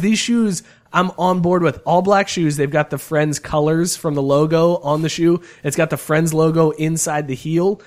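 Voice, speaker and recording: A man co-hosting a casual podcast, bantering and joking, also doing the sponsor reads. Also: fairly high pitch. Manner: talkative, joking, fast-shifting banter. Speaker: podcast co-host.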